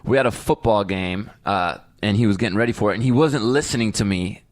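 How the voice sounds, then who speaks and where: A man co-hosting a parenting podcast, a father who tells stories in an animated way. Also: fairly low pitch, brisk, no echo. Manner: animated storyteller, jumps into voices when quoting. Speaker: podcast co-host. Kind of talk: casual chat.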